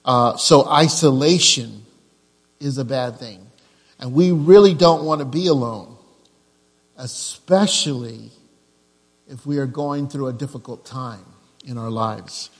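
A man preaching a sermon as pastor, repeating key phrases with slow, deliberate emphasis. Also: medium pitch, big-room sound.

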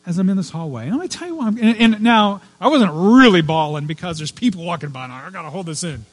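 A male pastor delivers a sermon in a loose, talky way, full of personal stories and little asides. His voice sits a bit high for a man. When he reaches his main points, he swells into fervent, insistent emphasis. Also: big pitch swings, fast talker, hardly any pauses. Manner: conversational, digressive storytelling with personal asides.

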